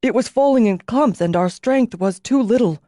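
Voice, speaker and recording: A confused bronze dragonrider man, voiced by a woman reader stumbles through his words, halting and bewildered. The reading is close and dry, like a storybook. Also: a little high, expressive, warm tone, no echo, lightly acted.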